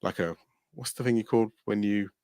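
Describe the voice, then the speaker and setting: A man's voice: fairly low pitch, brisk, darkish tone, clean tone, dry recording, studio quality. A man co-hosting a gaming podcast, explaining things at length and searching for words. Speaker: podcast co-host. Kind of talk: casual chat.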